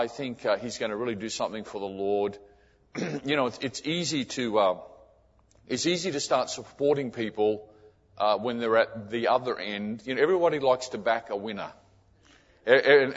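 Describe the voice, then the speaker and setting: A man preaching a sermon as a missionary, telling a personal story in an earnest way. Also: medium pitch. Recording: echoey hall, dull lo-fi sound.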